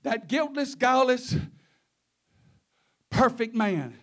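A man's voice: very high-pitched, lively intonation, takes it slowly, a bit bright. A male preacher, delivering an impassioned sermon in a sing-song preaching cadence.

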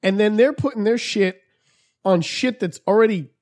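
Profane, animated man telling stories. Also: sits high, moderate pace. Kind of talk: crude casual chat.

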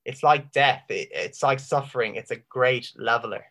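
A man giving an impassioned Christian apologetics talk, full of rhetorical questions and dramatic pauses. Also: mid-range voice, fairly bright tone. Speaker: Christian speaker.

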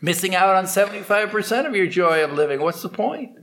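A pompous, condescending scholar talks down to everyone in lofty, lecturing questions, as a storyteller puts him on. His voice sits fairly high and swings upward when he presses a point. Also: lively intonation, normal speed, pushed and bright. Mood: haughty. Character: haughty learned male scholar, pompous and condescending.

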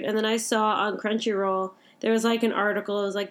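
A young woman with a high voice talks anime as a co-host, gushing freely. She strings her thoughts together with "like" in a loose, casual chat. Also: steady tone, fast, few pauses. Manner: gushing, heavy use of "like". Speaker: podcast co-host.

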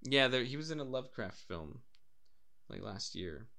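A man's voice: mid-range voice, very animated, normal speed, vocal fry, pushed and bright. A young man chatting casually, swearing freely and acting out voices as he tells stories. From Wales. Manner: swears freely, acts out voices and laughs while telling stories. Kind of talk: casual chat.

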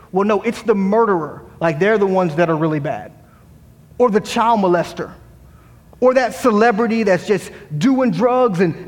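A man's voice: high voice, big-room sound. A man pastor delivering a sermon, quoting scripture and mixing in humorous asides. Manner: preaching with rising emphasis, quoting scripture. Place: church sanctuary.

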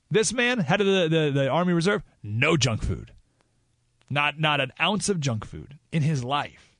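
Male radio host, storytelling monologue, animated delivery, dry studio sound. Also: on the high side, unhurried, no room sound. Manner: animated storytelling, rising to excited emphasis.

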